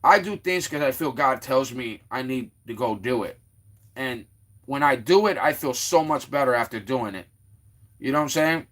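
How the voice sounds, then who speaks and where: Bright-voiced man chatting on a livestream. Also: mid-range voice, lively intonation, moderate pace. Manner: rambling, with many fillers and restarts; greets and teases chat viewers by name. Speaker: livestream host. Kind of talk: casual livestream chat with viewers. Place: Florida.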